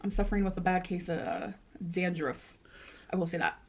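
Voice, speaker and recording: A woman's voice: lowish voice, steady tone, a little fast. A woman vlogger chatting to camera with rambling personal updates, heard as a clip played on a stream. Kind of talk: casual vlog talk to camera.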